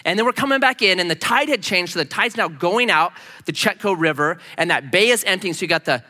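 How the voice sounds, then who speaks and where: A pastor giving a sermon tells a personal story with animation and acts out its characters' voices. He speaks a little fast in a high-sitting voice, and the audio has a big-room sound.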